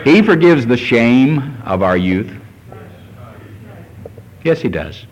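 A man's voice: medium pitch, very animated, slow, poor audio. A man in his sixties, a pastor preaching a fervent sermon and reading scripture aloud. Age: 60s.

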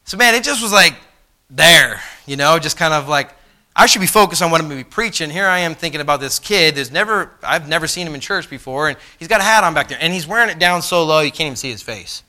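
A middle-aged man preaching a sermon, telling a personal story with animated swings from soft to loud, passionate outbursts. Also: fairly high pitch, fast. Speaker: pastor.

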